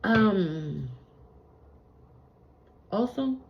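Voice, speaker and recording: Young woman, relaxed unhurried spiritual reader, emphatic slangy chatter, slightly muffled home recording. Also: medium pitch, noisy background. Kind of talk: casual tarot-style channeled reading.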